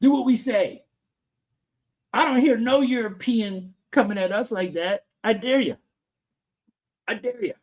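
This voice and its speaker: A man's voice: high voice, moderate pace. A man hosting a live stream panel, reading and ranting about the news in a crude, profane, brash way.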